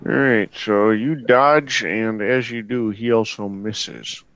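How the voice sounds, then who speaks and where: A man narrating as game master of a tabletop game, unhurried and halting with fillers as he describes the action. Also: on the low side, fairly even intonation, a bit bright, low-quality recording.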